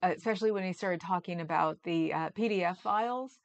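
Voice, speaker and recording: A woman's voice: on the low side, fairly quick, gravelly, smooth. A woman hosting a livestream, chatting casually and rambling with frequent laughs. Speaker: livestream host. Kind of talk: casual chat reading comments.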